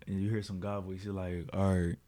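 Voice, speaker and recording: A man's voice: deep voice, level tone, brisk, mellow. A man co-hosting a podcast, telling a story in casual chat, full of slang and fillers. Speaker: podcast co-host.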